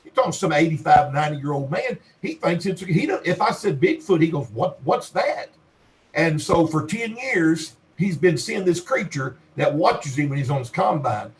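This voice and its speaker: A man's voice: a little high, animated, normal speed, few pauses, low-quality recording. A middle-aged man with a Western Kentucky accent, a researcher telling folksy, rambling stories on a podcast and acting out the people he quotes. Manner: folksy rambling storyteller, acts out quoted dialogue. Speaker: Bigfoot researcher guest. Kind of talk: podcast interview storytelling.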